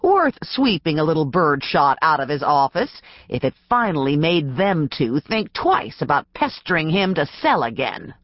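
Audiobook narrator: woman, low-ish voice, slow and expressive, dull dry studio sound. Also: no echo. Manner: measured, expressive storytelling.

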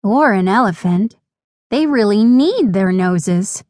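A woman voicing a gentle, naive fairy who talks in a soft, cooing way. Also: mid-range voice, animated, slow, no echo. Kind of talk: storybook character voice. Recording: dry studio recording.

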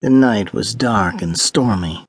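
A man reading a historical mystery audiobook in measured, dramatic narration on a close microphone. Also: on the low side, breathy edge, no echo. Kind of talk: scripted narration.

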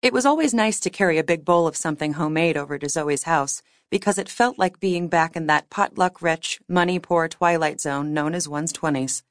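Low-voiced woman narrating an audiobook. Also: fairly quick, hardly any pauses, no room sound, studio quality. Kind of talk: scripted narration.

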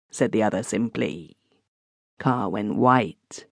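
A man narrating a classic short story in a measured, expressive reading. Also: on the low side, creaky, no echo. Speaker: audiobook narrator. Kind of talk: scripted narration.

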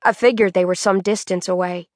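A woman narrating a fantasy audiobook in a measured, dramatic manner, recorded on a studio microphone. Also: medium pitch, fairly even intonation, no echo.

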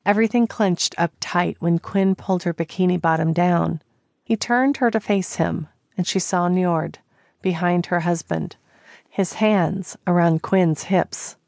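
Slow, low-voiced woman narrating a story. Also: steady tone, creaky, darkish tone, no room sound, clean studio sound. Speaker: audiobook narrator. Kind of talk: scripted narration.

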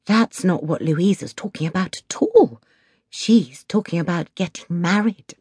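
A woman's voice: on the low side, measured pace, darkish tone, husky, dry recording, clean studio sound. A woman narrator voicing a playful young woman driver who teases and giggles. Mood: teasing. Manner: giggly, teasing.

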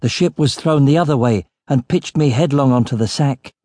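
Brief: man, mid-pitched, steady audiobook narration, close dry mic. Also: moderate pace, no room sound. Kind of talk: scripted narration.

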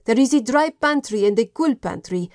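A woman's voice: a little high, animated, normal speed, a little mellow, no echo, studio quality. Field: audiobook. Figure: woman voicing a proud ship's cook. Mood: earnest. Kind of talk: audiobook character voice.

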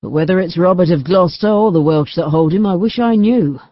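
A woman reading the voice of a weary, wry male knight home from battle, gruff and grim in manner. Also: fairly low pitch, brisk, no echo, natural voice. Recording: dull dry studio recording.

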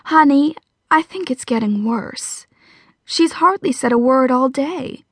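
A woman narrator voicing a gentle, soothing middle-aged mother. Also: sits high, expressive, measured pace, husky, no room sound, studio quality, exaggerated voice. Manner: soothing, warm-hearted.

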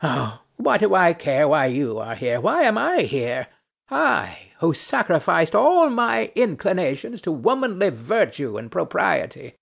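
A man's voice: on the high side, sing-song, a little slow, vocal fry, a bit bright, heavily acted. A man voicing an affronted proud noblewoman. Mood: haughty. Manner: prim, affronted, insistent questioning. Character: proud indignant Spanish noblewoman in hell. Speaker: audiobook narrator. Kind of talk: reading a stage play aloud.

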